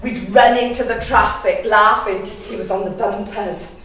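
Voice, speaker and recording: A young Welsh woman from the South Wales valleys, lightly acting, gives a teasing, ribald dramatic monologue punctuated by laughter. Her voice is medium in pitch, steady, moderately paced, and a bit bright. A little hiss or hum accompanies the echoey, distant-mic recording.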